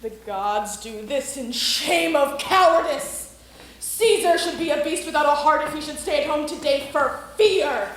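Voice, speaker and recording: A woman playing the proud, defiant Roman ruler Caesar in an amateur stage production, delivering verse slowly and grandly. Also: sits high, expressive, fairly bright tone. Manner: slow, declamatory verse delivery. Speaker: camp actor. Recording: echoey room.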